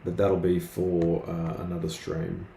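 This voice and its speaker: Here the same streaming artist talks unhurriedly in a low, dark voice with vocal fry and a completely flat delivery, chatting casually as he draws live. He hesitates a lot, restarting and filling gaps. Faint noise sits under a roomy recording.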